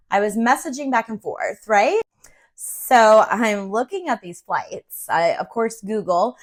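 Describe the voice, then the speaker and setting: A middle-aged woman from Central Virginia, a real estate agent, telling a personal story in a chatty, animated way with plenty of fillers. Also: fairly high pitch. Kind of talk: casual storytelling vlog.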